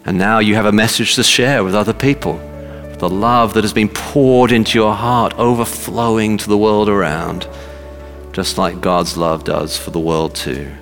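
A man's voice: lowish voice, steady tone, normal speed, a bit bright, in a large hall, faint music behind. A man preaching a sermon emphatically, repeating words for stress.

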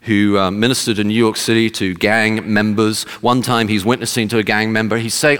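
A man's voice: on the low side, brisk, few pauses, fairly bright tone, long reverb tail. A man preaching a sermon, emphatic and fond of rhetorical questions, speaking to a congregation.

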